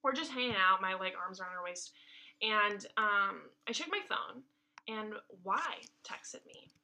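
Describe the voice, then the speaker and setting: Bright-voiced young woman telling a story. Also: medium pitch, unhurried. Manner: rambling, lots of "like" fillers. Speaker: podcast co-host. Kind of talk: casual storytelling chat.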